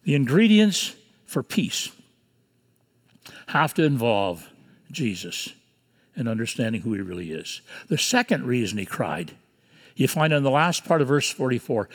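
An older man in his sixties delivers a sermon from the pulpit with an earnest, measured delivery. His voice sits at an ordinary middle pitch, and long reverb from the church sanctuary trails after each phrase. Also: very animated, slightly rough. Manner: earnest, measured preaching with pauses. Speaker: pastor.

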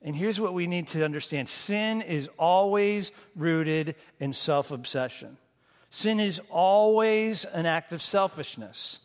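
A middle-aged pastor preaching a sermon in a conversational way, with self-deprecating humor, acting out the voices of the story. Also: male voice, sits high, takes it slowly. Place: church sanctuary. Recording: long hall reverb.

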